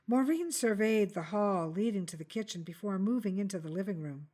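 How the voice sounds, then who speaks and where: A woman's voice: medium pitch, expressive, normal speed, hardly any pauses. Woman reading a crime story aloud. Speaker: author reading her fiction.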